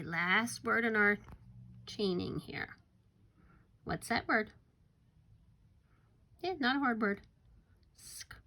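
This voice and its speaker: Slow, bright-voiced teacher woman. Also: a little high, creaky. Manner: slow, exaggerated and encouraging, dropping to whispers for suspense. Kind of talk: recorded phonics lesson for young children.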